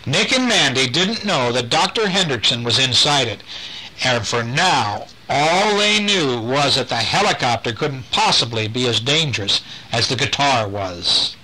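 A man reading a bedtime story aloud to his children, gentle and animated. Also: mid-range voice, a little slow, slight background noise, rough recording.

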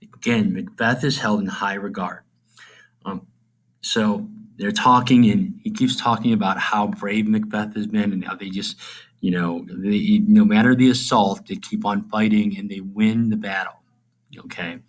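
A man teaching a recorded lecture, talking informally, checking in often with listeners and trailing off into low, whispery asides. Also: steady tone, a little slow, poor audio. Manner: informal, repeats "okay?" to check in.

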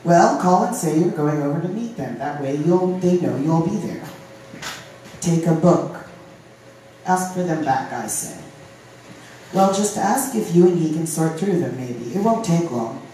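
A poet from Ohio reading poems aloud at a live open mic, with halting, filler-laden chat between poems. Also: mid-range voice, expressive, mellow, slight background noise. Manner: reads poems, chats with fillers between them. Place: live venue room. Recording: very echoey room from a distance.

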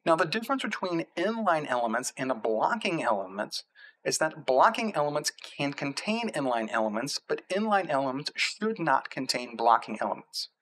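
A man's voice: a little high, sing-song, moderate pace, a bit bright, low-quality recording. A middle-aged man teaching a screencast tutorial, walking through code in a methodical way and repeating terms as he points to them. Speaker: instructor.

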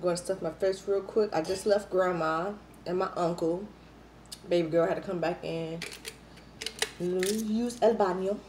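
A woman's voice: on the low side, unhurried, slight background noise. Chatty woman vlogger hyped on coffee. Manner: lively, chatty, playful, says y'all a lot. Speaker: mukbang vlogger. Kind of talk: casual eating vlog chat to viewers.

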